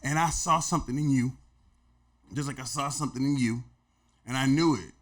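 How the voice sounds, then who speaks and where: Relaxed male guest, says "man" a lot. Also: mid-range voice, a little fast. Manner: relaxed, reflective, peppers speech with "man". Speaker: podcast guest, actor. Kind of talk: casual interview chat.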